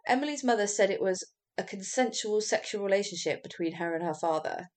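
A woman casually recounting a true crime story on a podcast, chatty and quick to laugh, with the odd swear word. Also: mid-range voice, expressive.

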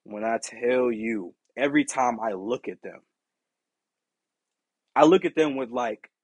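A man hosting a podcast, telling a casual story in an animated, profane way and acting out the people in it. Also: mid-range voice, measured pace, husky, no echo. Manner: animated, profane, acts out quoted exchanges. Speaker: podcast host.

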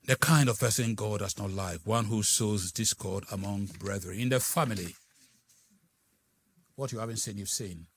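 A middle-aged male pastor preaches a sermon, moving between soft, hushed asides and loud, dramatic exclamations. His voice is fairly low and slightly rough, at a moderate pace.

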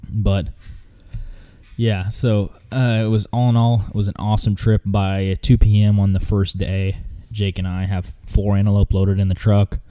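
A man's voice: lowish voice, level tone, normal speed, warm tone, smooth. A man recounting a hunting trip in casual, rambling storytelling with lots of fillers and restarts.

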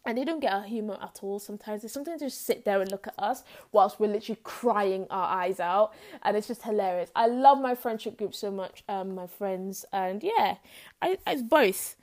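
A woman's voice: medium pitch, animated, normal speed, a little mellow. A woman hosting her own podcast, chatting in a bubbly, rambling way and joking at her own expense. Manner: bubbly, rambling and self-mocking, repeats herself. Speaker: podcast host. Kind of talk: casual solo podcast chat.

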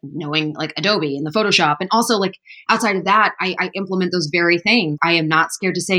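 A woman's voice: lowish voice, a little fast, few pauses, sharp tone. A woman in her thirties, a podcast guest talking in a chatty, upbeat way with lots of "like" and "you know". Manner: chatty, upbeat, heavy use of "like". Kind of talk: casual interview chat.

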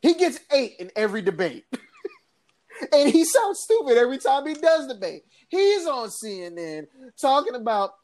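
A woman co-hosting a casual political podcast, talking in an animated, sarcastic way, with laughs and mocking impressions. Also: high voice, normal speed. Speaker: podcast co-host.

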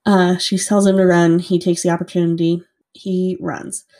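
Mellow low-voiced woman telling a story. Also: flat delivery, normal speed. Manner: chatty, lots of "like", swears freely. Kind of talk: casual true-crime storytelling.

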